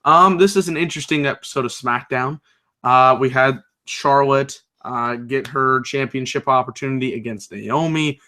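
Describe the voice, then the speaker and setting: A young man talks through a wrestling episode in a loose, rambling way, with plenty of ums and asides. His voice is bright and forceful and sits in a middle pitch. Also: normal speed. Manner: loose, rambling, many fillers, reads live chat aloud. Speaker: wrestling show reviewer. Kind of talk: casual recap and commentary.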